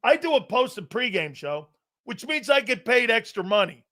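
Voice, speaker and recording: A middle-aged man hosting a live sports talk show, reading chat messages aloud, laughing often and arguing back loudly. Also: very high voice, moderate pace. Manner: loud, excitable, laughs often, argues with chat.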